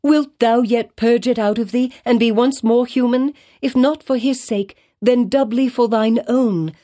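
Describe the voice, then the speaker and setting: A woman's voice: lowish voice, a little slow, dark tone, close to an everyday voice. A woman reading the part of a sorrowful, firm young woman in an audiobook, earnest and pleading in old-fashioned speech.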